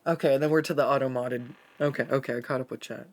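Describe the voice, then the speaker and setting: Fast-talking, with a medium pitch and steady tone, this streamer from the Pacific Northwest draws while casually chatting and reading messages from chat aloud. There's plenty of laughter and free swearing.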